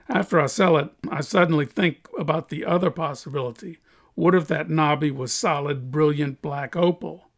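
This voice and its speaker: A man who cuts opal explains his hobby in a chatty video monologue. His voice sits slightly high and rough with vocal fry. He keeps dropping in self-deprecating jokes. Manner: joking, self-deprecating asides. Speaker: opal cutter.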